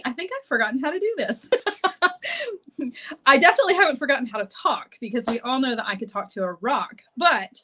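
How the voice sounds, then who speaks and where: Craft-stream host, a woman in her forties; upbeat, talkative, quick to laugh, slightly high voice. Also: sharp tone. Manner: bubbly, laughs often, rambling. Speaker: jewelry-making livestream host. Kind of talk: chatty live-stream talk. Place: home office.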